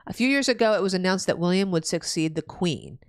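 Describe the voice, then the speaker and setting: Animated, foul-mouthed woman streamer ranting. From New Jersey, USA. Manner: profane ranting, loud swings in pitch. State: pregnant. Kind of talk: casual live-stream chat.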